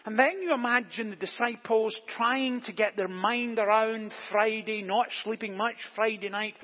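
A husky, high-voiced man delivers a deliberate, emphatic sermon from a church, pressing his points with rhetorical questions. His voice carries a long reverb off the church walls. The recording is dull and lo-fi. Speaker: pastor. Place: church during service.

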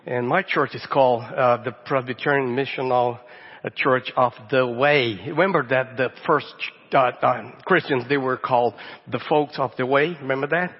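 A middle-aged man from Brazil with a Brazilian Portuguese accent, a native Portuguese speaker, preaching a sermon as a guest pastor. He talks warmly and haltingly, often repeating the first word of a phrase. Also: mid-range voice, slightly rough. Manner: warm, halting, repeats words at starts. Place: church sanctuary. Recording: dull audio in a long-reverb church hall.

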